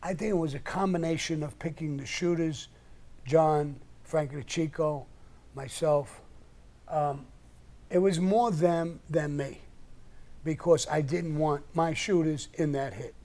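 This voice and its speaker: A man's voice: a little high, a little slow, warm tone. An older man, hosting a live stream and telling blunt, profane stories in a casual way. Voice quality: gravelly. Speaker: live-stream host answering questions. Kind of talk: casual storytelling.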